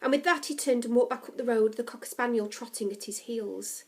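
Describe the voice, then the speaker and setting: A woman reading a novel aloud as the story's narrator, steady and expressive. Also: a little high, a little fast. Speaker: story reader.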